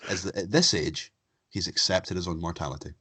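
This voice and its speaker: A man's voice: low-pitched, fairly even intonation, brisk, bright, forceful tone, breathy edge. A young man hosting a podcast, bantering with crude jokes in a casual comedic chat. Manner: jokey, bantering, crude humor. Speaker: podcast host.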